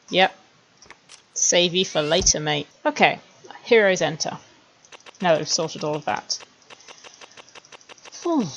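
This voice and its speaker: A woman streamer chatting wryly to herself as she builds animated scenes, laughing at her own jokes. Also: on the low side, dull audio, a little hiss or hum. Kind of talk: casual commentary while making a 3D animation.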